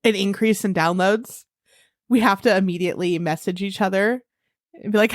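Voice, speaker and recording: A woman co-hosting a podcast, telling stories in a playful, animated way. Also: mid-range voice, normal speed, no echo, studio quality. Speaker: podcast co-host. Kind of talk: casual chat.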